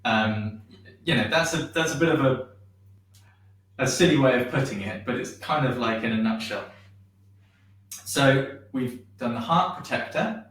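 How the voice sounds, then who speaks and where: Male shiatsu teacher, slow and gentle, echoey room, distant mic. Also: medium pitch. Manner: gentle, unhurried guiding with many ums. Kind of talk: guided movement class.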